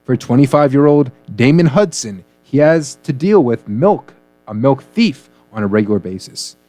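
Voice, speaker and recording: A man's voice: medium pitch, animated, normal speed, dark tone, no room sound, faint music behind. A man co-hosting a comedy news radio show, joking and punning through the stories. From United States. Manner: jokey, punning, playful delivery.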